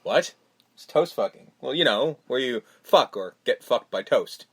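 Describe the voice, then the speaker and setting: A man co-hosting a casual podcast, recapping a film, swearing freely and acting out scenes in quick put-on voices. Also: medium pitch, animated, fairly bright tone, breathy edge. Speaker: podcast co-host.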